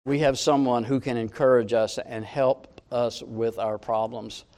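A man's voice: medium pitch, steady tone, measured pace, darkish tone. A man preaching a sermon in an earnest, emphatic way, rising and falling in volume.

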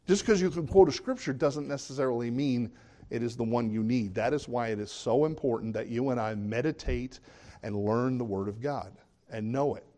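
A man preaching a sermon as pastor, animated, jumping up to high emphatic bursts and dropping low for asides. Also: moderate pace.

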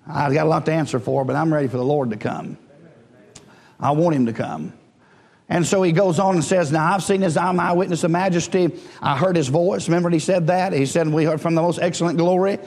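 Man, pastor, sermon, high voice, conversational then fervent, reverberant church hall. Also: fairly quick, darkish tone. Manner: conversational preaching, frequent "right?" and chuckles, rising to fervent exhortation.

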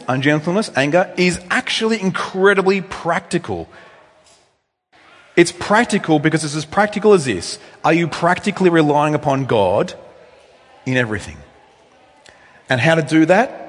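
A male pastor preaches in a relaxed, conversational way, tossing in asides to the congregation. His voice sits a little high for a man and swings from loud, lifted emphasis to hushed, low tones. A long reverb rings around him in a church hall. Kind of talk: sermon.

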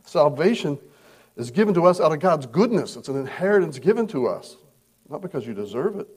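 Lively high-voiced pastor preaching. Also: male voice, fairly quick, breathy edge. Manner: conversational, acts out quoted voices. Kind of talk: verse-by-verse sermon. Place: church service.

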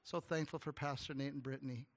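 A man preaching a sermon as a guest pastor, telling an earnest story with stammered restarts and some hushed, tender moments. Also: mid-range voice, steady tone, quick pace. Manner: drops to a hushed, tender voice at emotional points.

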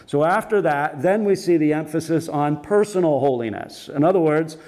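A man delivering a sermon, his voice sitting a little high for a man yet mellow and warm in tone. He teaches in a measured, orderly way and reads scripture aloud steadily. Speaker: pastor.

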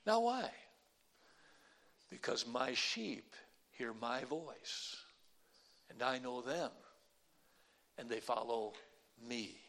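A male pastor preaching a sermon, telling a folksy story and then preaching slowly and emphatically with deliberate pauses. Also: medium pitch, lively intonation, vocal fry, fairly bright tone. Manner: folksy anecdotal delivery.

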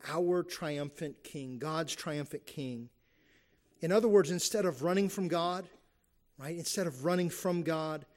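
Man, preacher, sermon, emphatic, rhetorical questions, slightly high voice. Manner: earnest, emphatic, with rhetorical questions and acted-out quotes.

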